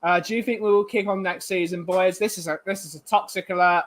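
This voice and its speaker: A man's voice: sits high, steady tone, fast talker. A young man co-hosting a casual livestream, rambling with lots of fillers and restarts while reading out viewer comments. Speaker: livestream co-host.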